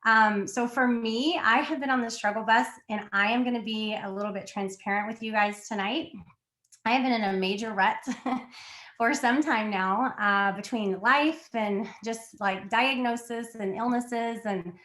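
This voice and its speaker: A woman's voice: on the high side, a little slow, a bit bright. A woman in her thirties, sick and slightly out of breath, giving a candid, chatty motivational talk to her team on a video call, laughing often. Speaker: team leader on a sales call. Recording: echoey room.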